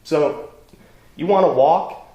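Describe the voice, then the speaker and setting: A man's voice: a little high, takes it slowly, warm tone, echoey room. A man teaching self-defense against knives in a casual demonstration lesson, blunt and chatty, often checking in with "okay?".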